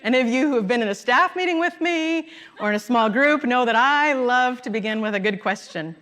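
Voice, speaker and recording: A woman's voice: on the high side, expressive, fairly quick, a bit bright. A middle-aged woman minister giving a conversational sermon in a church, chuckling now and then at her own stories. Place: church sanctuary.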